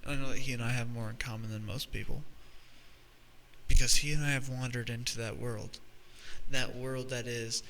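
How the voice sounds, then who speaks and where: Guy rambling on his podcast, swears a lot, laughs mid-story, really bright tense voice, bit of faint hiss behind. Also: medium pitch, steady tone, normal speed, poor audio. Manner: rambling, profane, laughs through his stories. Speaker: podcast host. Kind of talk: casual storytelling monologue.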